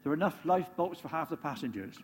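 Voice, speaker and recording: A man's voice: on the high side, lively intonation, fast. A man giving a conversational sermon to a congregation, often turning to them with questions like "didn't they?". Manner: conversational, asks the listeners tag questions. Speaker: preacher. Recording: reverberant hall, faint hum.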